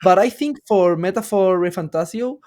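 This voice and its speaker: Spanish-accented man, halting and searching. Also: high voice, darkish tone. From Spain. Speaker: podcast guest. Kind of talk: casual podcast chat.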